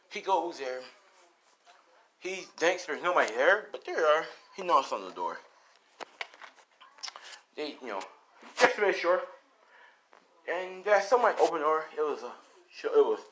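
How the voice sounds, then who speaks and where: A man's voice: on the high side, a bit bright, slight background noise. Rambling young man telling a story. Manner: rambling, with filler words and quick quoted character lines. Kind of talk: casual improvised fan-story narration.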